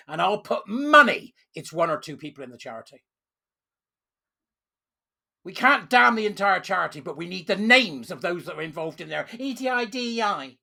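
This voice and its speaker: Commentator, angry rant to camera, bright forceful tone with a gravelly rasp. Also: medium pitch, big pitch swings, moderate pace. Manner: furious, ranting, emphatic. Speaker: online commentator.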